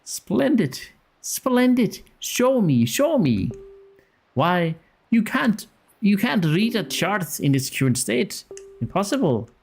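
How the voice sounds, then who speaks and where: A man voicing an eccentric grown man in a fairy costume, giddy and greedy, in a high, sing-song, preposterous voice, with game music behind. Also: very animated, takes it slowly, gravelly, exaggerated voice.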